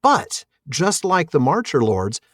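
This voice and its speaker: A man's voice: on the high side, wildly swooping pitch, slow pace, no room sound, clean studio sound. A middle-aged man co-hosting a podcast, chatting and explaining in an enthusiastic way. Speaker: podcast co-host. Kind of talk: casual chat.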